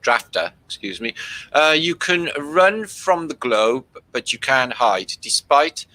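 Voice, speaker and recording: Sweary man, bright voice, rambling. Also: medium pitch, lively intonation, slow, dry recording, rough recording. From Britain. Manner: rambling, sweary, reads out chat comments. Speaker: livestream host. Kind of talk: casual livestream chat with viewers.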